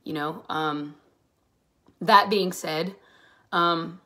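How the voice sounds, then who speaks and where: A woman in her twenties from the Pittsburgh area, speaking earnestly in a personal vlog, halting at first and growing more emphatic. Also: lowish voice, pushed and bright. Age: 20s. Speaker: vlogger.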